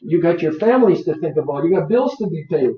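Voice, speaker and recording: A man's voice: on the high side, animated, fast, a little hiss or hum. A man presenting a live seminar workshop, quizzing the audience and repeating his points to drive them home. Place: office seminar room. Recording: roomy, distant, dull lo-fi.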